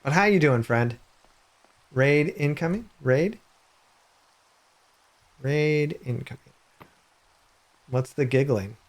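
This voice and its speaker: A man live-streaming a game, rambling and hesitant, then bursting into excited high-pitched reactions. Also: slow pace, long pauses. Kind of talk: live gameplay stream chat.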